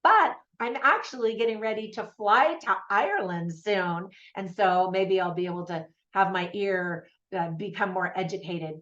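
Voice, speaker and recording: A woman's voice: mid-range voice, normal speed, few pauses, fairly bright tone, lo-fi sound. Chatty American woman reviewing movies. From United States. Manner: chatty and conversational, with frequent fillers and asides. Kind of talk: casual spoken movie review.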